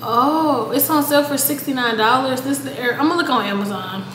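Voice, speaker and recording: Woman vlogger, high voice, chatty, casual home recording, noisy background. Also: fairly quick, a bit bright. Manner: chatty, swears when annoyed, talks to viewers as "girl". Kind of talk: casual vlog chat. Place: apartment at home. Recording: echoey room with background noise.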